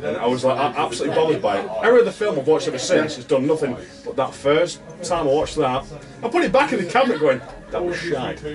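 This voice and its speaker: A man in his twenties co-hosting a horror podcast, telling a story in an animated, sweary way. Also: on the high side, quick pace, recorded from a distance, over music. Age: 20s. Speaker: podcast co-host. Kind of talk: casual chat.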